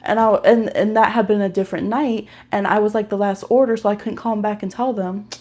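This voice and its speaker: Brisk in pace, this woman reads tarot during a casual livestream, her tone soft and caring as she handles the cards. Storytelling brings out a chatty, animated side, full of frequent laughter and high-pitched squeals.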